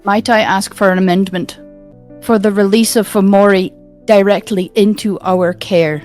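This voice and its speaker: Casting: woman player, formal and measured, haggling in character at a tabletop game. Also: mid-range voice, fairly even intonation, darkish tone, soft background music.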